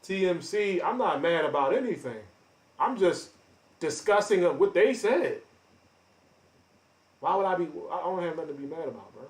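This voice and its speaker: A man ranting on a live stream, confrontational and boastful, calling out chat members by name with loud bursts and drawn-out emphasis. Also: sits high, lively intonation. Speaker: livestreamer. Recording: roomy echo.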